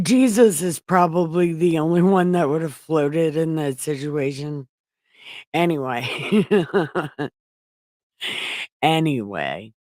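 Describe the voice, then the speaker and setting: A deep, slightly mellow female voice, recorded dry, belongs to a woman doing an irreverent live Bible reading. She paraphrases with swearing, stops to fix her mistakes and chats away to an empty chat.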